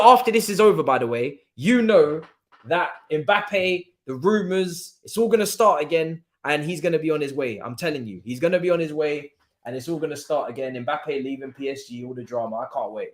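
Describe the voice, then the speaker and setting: A man hosts a live watchalong, chatting in casual slang and reacting as the game unfolds. His voice sits a little high, and the room around him has a noticeable echo. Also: lively intonation, brisk, a bit bright. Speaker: streamer host. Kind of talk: casual live match commentary. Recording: echoey room.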